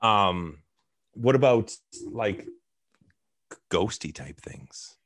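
A man's voice: on the low side, expressive, drawn-out words, a bit bright. A man talking as a guest in a casual chat, laid-back and openly skeptical, mostly giving short replies. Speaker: podcast guest.

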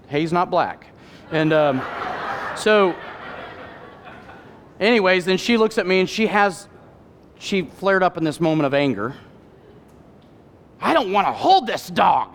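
A middle-aged male pastor giving an animated sermon, acting out voices and making candid personal asides. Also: fairly high pitch, slight background noise. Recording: hall reverb.

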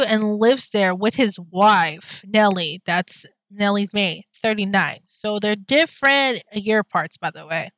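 A woman's voice: mid-range voice, a bit bright, dry recording, rough recording. Chatty, breathless young woman podcaster. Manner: chatty, stumbles over words and laughs it off. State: a bit out of breath. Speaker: podcast host. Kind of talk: casual true crime storytelling.

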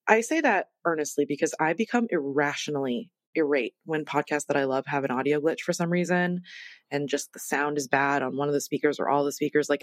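A woman's voice: deep voice, no room sound. A woman hosting her own podcast, talking casually and chattily in a self-deprecating, rambling way. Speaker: podcast host. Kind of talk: casual solo podcast intro.

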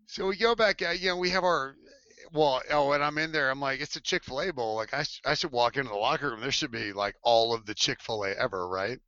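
A former cheerleader in his forties tells a story in casual conversation, laughing often and voicing other people's lines in shifting voices. He speaks briskly at a medium pitch. The headset mic gives a lo-fi sound with no echo.

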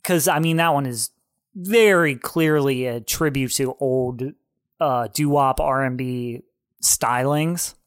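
A man's voice: mid-range voice, slow pace, dry recording, studio quality. A young man co-hosting a music podcast, giving laid-back, opinionated takes on albums. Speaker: podcast co-host. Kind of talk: casual chat.

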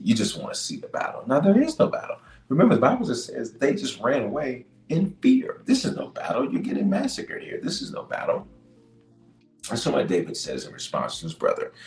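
Preaching about leadership, a bishop and podcast host reads from scripture and hammers home his main lines through repetition, alternating loud outbursts with quiet asides. The sound is reverberant and low in quality.

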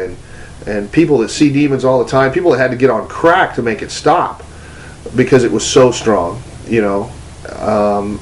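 Male preacher, mid pitch, casual storytelling teacher, chatty delivery. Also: low-quality recording. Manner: conversational storytelling with restarts and fillers. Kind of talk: testimony-style teaching talk.

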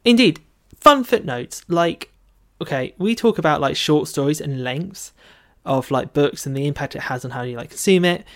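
A man's voice: a little high, animated, normal speed. A man co-hosting a book podcast, chatting casually and animatedly, with plenty of filler words. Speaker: podcast co-host. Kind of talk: casual chat about a book.

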